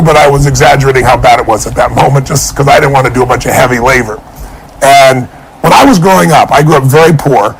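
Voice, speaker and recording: Gravelly-voiced man telling a motivational story. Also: mid-range voice, slight background noise, low-quality recording. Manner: animated storyteller acting out dialogue. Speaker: motivational speaker.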